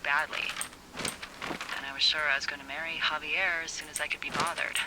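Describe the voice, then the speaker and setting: An actress voicing a witty, teasing woman fire lookout boss on a radio in a video game, with a breathy voice and playful banter. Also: low voice, level tone, brisk, heavy background noise, lightly acted. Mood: confiding.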